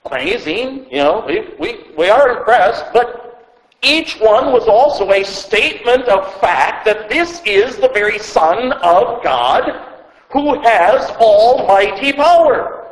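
A man's voice: high-pitched, animated, takes it slowly, roomy sound, big-room sound, rough recording. A man preaching a sermon as pastor, speaking emphatically and asking the listeners rhetorical questions, sometimes repeating words as he goes. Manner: stumbles and repeats words when speaking off the cuff.

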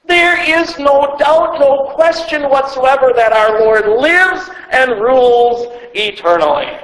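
A man delivers a slow, deliberate sermon in a very high voice that rises and falls with lively swings. He speaks with emphasis and asks his listeners rhetorical questions, sometimes repeating words mid-thought. His voice echoes through a church hall with a long reverb. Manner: stumbles and repeats words when speaking off the cuff. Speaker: pastor.

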